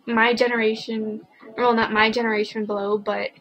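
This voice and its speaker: A teenage girl ranting casually to camera, rambling and indignant, filling every pause with "like". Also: a little high, level tone, a bit bright, poor audio. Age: teens. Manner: rambling, packed with "like" fillers; indignant, opinionated. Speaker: vlogger.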